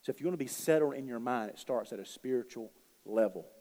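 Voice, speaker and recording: A man preaching a sermon, telling stories and swinging between quiet asides and loud, emphatic bursts. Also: medium pitch, animated, fast, in a large hall. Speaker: pastor.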